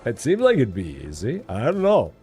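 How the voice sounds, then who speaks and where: Lively, chatty male game streamer. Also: mid-range voice, moderate pace, faint music behind. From Illinois. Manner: playful, chatty, answers chat. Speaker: live-stream gamer host. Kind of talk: casual live-stream chat.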